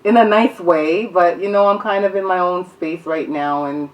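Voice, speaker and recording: A woman's voice: on the low side, normal speed, recorded from a distance, muffled recording. Frank, chatty woman co-host. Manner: frank, chatty, laughs often. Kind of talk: casual talk show chat.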